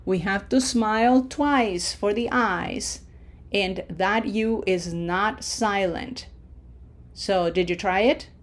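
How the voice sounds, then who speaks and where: A woman walks through a pronunciation lesson at an unhurried pace. She stretches out each model word and keeps asking the learner questions. Her voice sits at an ordinary middle pitch. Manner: slow, drawn-out model words between explanations; coaxing, asks the learner questions. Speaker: Spanish teacher.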